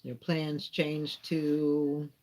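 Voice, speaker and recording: A woman's voice: sits low, completely flat delivery, extremely slow, a little mellow, slight background noise. A woman hosting a livestream, chatting casually with viewers, asking them questions and closing with a blessing and a prayer. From United States. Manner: friendly, asks viewers questions, closes with a prayer. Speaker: livestream host. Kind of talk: casual chat answering viewer comments.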